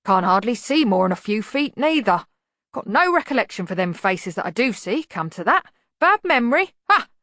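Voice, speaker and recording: A woman reading an audiobook voices a nervous male cart driver who babbles in a high-pitched wheeze. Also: big pitch swings, moderate pace, no echo. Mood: babbling. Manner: babbling, loud and squeaky.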